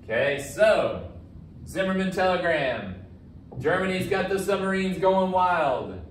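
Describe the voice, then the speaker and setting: A man's voice: high-pitched, lively intonation, measured pace. Casual, jokey male history teacher. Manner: casual and jokey, self-described as sarcastic. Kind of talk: recorded lesson walking through practice questions. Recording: roomy echo, distant from the mic, faint background noise.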